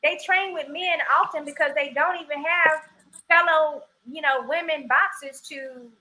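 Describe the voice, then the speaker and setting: Southern woman co-host, high and very bright voice, lively and giggly. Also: normal speed, rough recording. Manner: lively, laughs easily, reads out viewer comments. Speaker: podcast co-host. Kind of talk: casual podcast chat.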